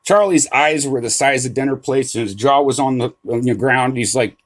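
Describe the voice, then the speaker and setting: A middle-aged man vlogging about card collecting, telling a story in a casual, animated way with restarts, swearing and a lot of "right?". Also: mid-range voice, brisk, few pauses.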